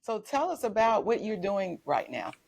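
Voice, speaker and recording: A woman family physician hosting a health talk show, introducing her guest as a measured, friendly interviewer. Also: medium pitch, very animated, vocal fry, darkish tone, slight background noise.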